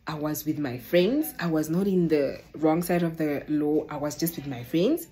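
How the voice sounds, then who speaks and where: A young woman telling a personal story to the camera, animated and exasperated, often calling out to her viewers. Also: deep voice, normal speed. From Namibia. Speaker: vlogger. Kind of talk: casual storytime.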